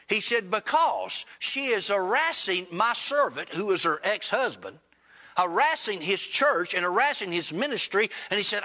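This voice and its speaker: A man preaching a sermon, telling a story and acting out the dialogue in an animated, colloquial way. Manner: animated, acts out dialogue with rising pitch. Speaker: pastor.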